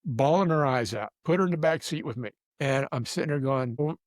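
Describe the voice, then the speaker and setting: A man's voice: medium pitch, brisk, dry recording, studio quality. A man telling a rambling, self-deprecating story in casual chat, often restarting his sentences. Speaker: guest storyteller.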